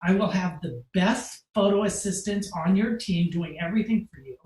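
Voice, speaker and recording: A man's voice: high voice, normal speed, a little mellow, roomy sound, pitched above the performer's own voice, close to an everyday voice, low-quality recording. A man voicing a pushy, confident woman talent agent who is brash and insistent, quoted inside his own story. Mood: commanding.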